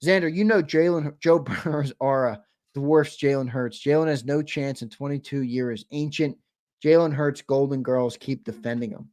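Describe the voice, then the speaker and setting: A man's voice: medium pitch, normal speed, darkish tone, no echo, clean studio sound. A man co-hosting a sports talk show, arguing his takes bluntly and repeating his point. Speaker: sports podcast co-host. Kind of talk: heated sports talk chat.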